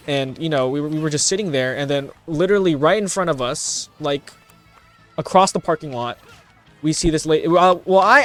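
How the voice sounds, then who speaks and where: A man's voice: a little high, fairly bright tone. A young man vlogging, telling casual stories to his viewers in a rambling, self-mocking way with many restarts. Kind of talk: casual storytelling to camera.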